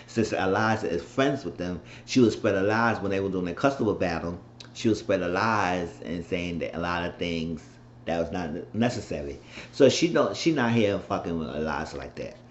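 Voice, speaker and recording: A man with a lowish voice rambles through a casual reality show recap, jumping around and mimicking what people said. The sound is roomy and dull, with a faint hiss behind him. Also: moderate pace. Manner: rambling, animated retelling with mimicked quotes.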